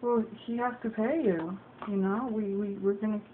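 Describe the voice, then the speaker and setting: Here a woman recounts a casual venting story straight to her phone, swearing openly while performing both sides of a quarrel. The vlogger's voice is medium-pitched, fairly even in intonation, and at normal speed, with tinny audio and faint hiss.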